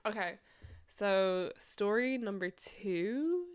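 A woman's voice: mid-range voice, expressive, takes it slowly, smooth. A woman in her twenties hosting a podcast, telling personal stories in a chatty way, swearing, laughing often and filling her talk with likes. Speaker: podcast host. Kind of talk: casual storytelling podcast.

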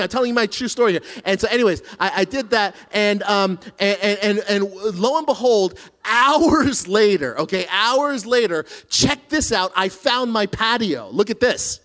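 Male pastor, middle-aged, high and very lively voice, animated storyteller who stumbles and restarts. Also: normal speed, hardly any pauses. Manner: animated, self-deprecating storytelling with many restarts. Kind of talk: sermon.

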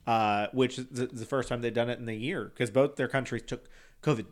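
A man's voice: medium pitch, steady tone, fairly quick. Male podcast co-host: campy, chatty and loose, heavy on fillers and swearing. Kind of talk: casual chat.

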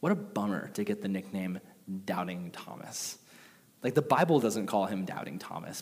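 A man preaching a sermon in a casual, conversational and animated way. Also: fairly low pitch. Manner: conversational, animated, with acted quotes. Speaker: pastor. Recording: long reverb of a large hall.

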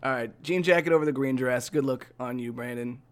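A young man co-hosting a casual chat, animated and self-mocking, calling people "dude". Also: mid-range voice, brisk. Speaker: podcast co-host.

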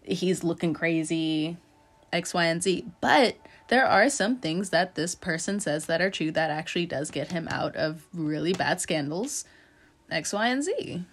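A woman's voice: fairly low pitch, expressive, measured pace, slightly rough. A young woman hosting a podcast, giving a casual, chatty tarot reading with frequent laughs and loose filler-heavy talk.

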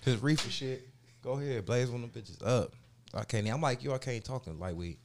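A man's voice: medium pitch, brisk. A man chatting casually, telling a long story with lots of slang and swearing. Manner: profane, slangy, animated storytelling. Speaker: storyteller in a chat. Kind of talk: casual chat.

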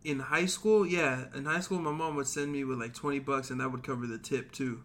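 A man's voice: medium pitch, steady tone, a bit bright. Young male podcast sidekick, easygoing banter. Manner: laid-back, quick agreeing interjections. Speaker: podcast co-host. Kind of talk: casual chat.

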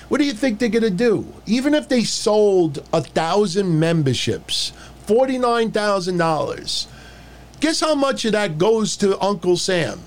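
Profane, animated man ranting on a podcast. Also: sits high. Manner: blunt, profane, mocking, animated. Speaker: podcast host. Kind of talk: casual wrestling podcast rant.

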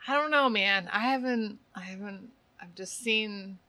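Bright, giggly woman co-host. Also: medium pitch, unhurried, no room sound. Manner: giggly, chatty, trails off. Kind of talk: casual chat.

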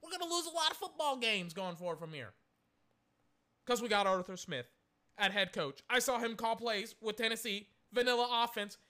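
Bright-voiced man ranting about sports. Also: extremely high pitch, normal speed. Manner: exasperated, animated, corrects himself often. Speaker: sports commentator. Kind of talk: solo sports opinion rant.

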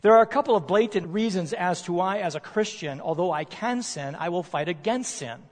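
A male preacher delivering a sermon, emphatic, posing rhetorical questions and slowing down to stress key words. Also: sits high. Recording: long reverb of a large hall.

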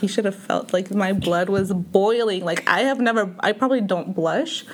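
A woman's voice: medium pitch, moderate pace, a little hiss or hum. Young woman, casual storyteller, loose and filler-heavy. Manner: storytelling with many likes and restarts. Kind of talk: casual chat.

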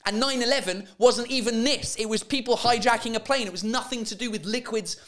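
A man's voice: extremely high pitch, brisk, a bit bright. Exasperated man ranting, profane. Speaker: podcast host. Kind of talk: ranting comic storytelling.

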